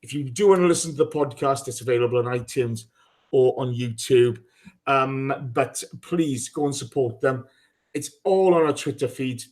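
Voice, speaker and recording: A male podcast host speaks in a mid-range, darkish voice at a moderate pace. On his live football show he keeps things casual, poking fun at his co-hosts, swearing freely, and reading listener names aloud.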